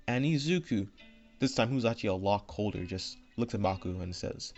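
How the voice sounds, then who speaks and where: A man's voice: fairly low pitch, a little fast, highs cut off, soft background music. Rambling man retelling a fan story. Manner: rambling, full of fillers and "right?" asides. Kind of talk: unscripted casual story retelling. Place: home room. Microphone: desk microphone.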